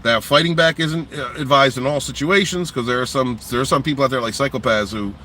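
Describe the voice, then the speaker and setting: A man's voice: mid-range voice, a little fast, pushed and bright, slight background noise. A man hosting his own channel, giving a casual motivational monologue in a blunt, profane way, with frequent restarts and phrases repeated for emphasis. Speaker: channel host.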